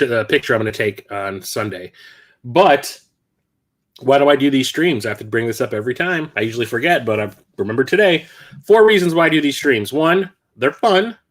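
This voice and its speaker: A man hosting a casual live stream from his apartment, out of breath and rambling with frequent self-corrections. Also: mid-range voice. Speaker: host. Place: home apartment.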